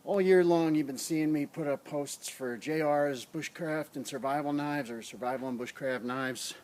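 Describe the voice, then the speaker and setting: A man's voice: fairly high pitch, moderate pace, a little mellow. A man casually reviewing a survival knife in his yard, talking in a rambling, blunt way into a tablet camera on a tripod. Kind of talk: casual outdoor demo vlog. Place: outdoors in a front yard.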